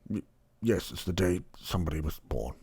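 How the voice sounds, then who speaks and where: A lowish voice from a man playing a nervous male innkeeper in a tabletop game. He stammers and apologizes as he fumbles for words. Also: animated, a little fast, darkish tone, breathy edge, full character voice. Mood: flustered. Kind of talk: tabletop role-play in character.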